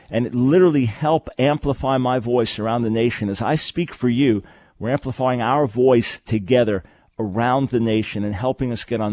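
A man's voice: medium pitch, a little mellow, no room sound. A male radio talk show host who speaks earnestly and with emphasis, often repeating his phrases to drive them home. His voice sits in an ordinary middle range and sounds close and dry, with no room around it. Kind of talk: call-in radio advice and announcements.

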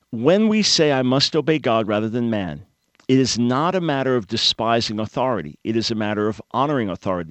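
A man's voice: medium pitch, no room sound. Emphatic male radio host, dry studio sound. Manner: didactic, emphatic, explains with everyday analogies. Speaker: radio talk show host. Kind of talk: call-in talk radio monologue.

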